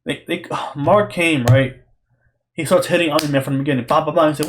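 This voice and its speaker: A young man giving an excited, profane, rambling solo review, like a podcast host talking straight to his viewers. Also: a little high, brisk, slight background noise. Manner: excited, profane, repetitive slang-heavy talk.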